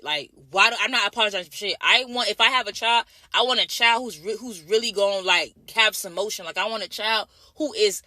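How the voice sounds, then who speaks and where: A woman's voice: medium pitch, a little fast, hardly any pauses, pushed and bright, no echo. A woman from Jamaica in a casual vlog, ranting bluntly and profanely, repeating her points over and over. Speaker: vlogger.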